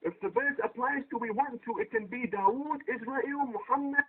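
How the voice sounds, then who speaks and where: Very high-pitched man debating over a tinny line. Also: normal speed, slight background noise. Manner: insistent, repeats his questions. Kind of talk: heated online debate. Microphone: poor quality microphone. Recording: tinny phone-like voice chat line.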